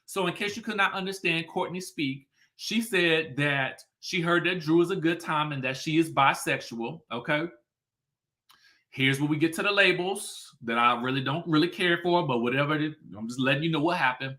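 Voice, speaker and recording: A man's voice: fairly high pitch, moderate pace, sharp tone. A man recapping drama as a commentator, talking casually and animatedly, firing off rhetorical questions and saying "okay" a lot.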